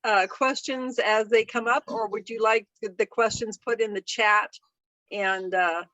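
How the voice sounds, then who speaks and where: A woman's voice: fairly high pitch, steady tone, measured pace, pushed and bright, no echo. A woman hosting a webinar, hesitant with many fillers. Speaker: host. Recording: dull dry lo-fi call audio.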